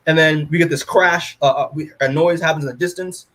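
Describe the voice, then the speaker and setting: A man co-hosting a podcast, recapping a comic in casual chat, rambling with lots of fillers and retelling scenes in an animated way. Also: on the high side, fairly quick. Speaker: podcast co-host.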